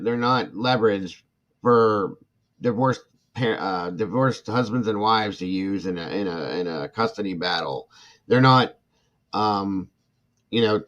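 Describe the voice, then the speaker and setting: A middle-aged man with a fairly low voice rants with indignant passion on his true crime livestream, pausing to read out chat and apologize. The sound is dull and lo-fi. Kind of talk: casual livestream talk reading chat.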